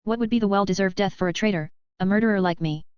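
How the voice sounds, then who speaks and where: A woman's voice: mid-range voice, quick pace, smooth, no echo, dull audio, close to an everyday voice. A woman reading a guilt-ridden young warrior who speaks with remorse and pleads. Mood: remorseful.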